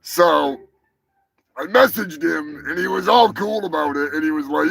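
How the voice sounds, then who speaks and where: A man's voice: a little high, normal speed, gravelly, music in the background, low-quality recording. A man hosting a live stream, chatting casually in a rambling, profane way. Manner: rambling, profane, restarts with laughter. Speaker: host. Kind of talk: casual livestream chat.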